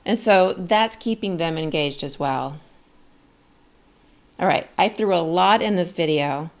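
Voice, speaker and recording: A woman's voice: lowish voice, measured pace. A middle-aged woman coaching viewers on job interviews in an upbeat, encouraging, emphatic way. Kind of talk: direct-to-camera coaching lesson.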